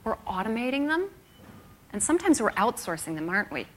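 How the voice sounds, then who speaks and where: A woman giving a live presentation as a keynote speaker, animated and asking the audience rhetorical questions. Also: a little high, a little fast. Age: young adult.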